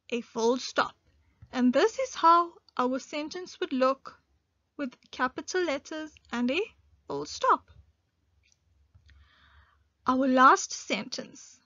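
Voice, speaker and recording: A woman teaching an online grade one English lesson, speaking slowly and clearly and stressing key words. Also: high-pitched, a bit bright, no room sound. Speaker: primary school teacher. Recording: dull lo-fi dry recording.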